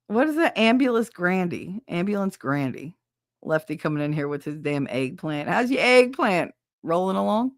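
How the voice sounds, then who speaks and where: A woman's voice: medium pitch, fairly bright tone, dry recording, clean studio sound. A woman hosting a podcast from her bedroom at home, chatting casually with her live viewers, swearing freely and laughing often at herself. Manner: chatty and self-mocking. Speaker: podcast host.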